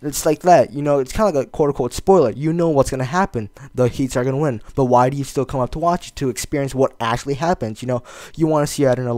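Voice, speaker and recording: A young man rambling casually to camera with lots of fillers and restarts, trailing off softly on his asides. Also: mid-range voice, no echo. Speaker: video blogger.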